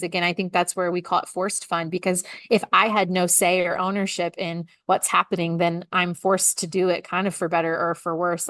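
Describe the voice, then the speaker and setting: A woman's voice: lowish voice, a bit bright, dry recording, studio quality. A woman co-hosting a consulting podcast, chatting casually with colleagues, often laughing and filling with "like".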